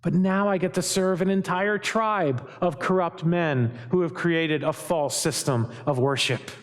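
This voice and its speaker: A preacher doing a smug opportunist priest. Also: male voice, on the high side, unhurried, long reverb tail, natural voice.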